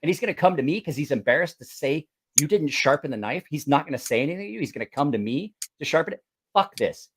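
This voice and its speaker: A man's voice: a little high, animated, fast talker, a little hiss or hum. A man hosting a casual podcast chat, a blunt and profane storyteller who acts out both sides of his anecdotes. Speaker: podcast host and knife sharpener.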